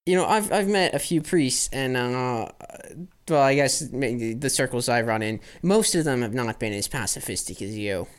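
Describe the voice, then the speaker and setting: A player in a tabletop role-playing game, speaking in a halting, stammering way and repeating words. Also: medium pitch, lively intonation, clean tone. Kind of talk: tabletop role-play chat.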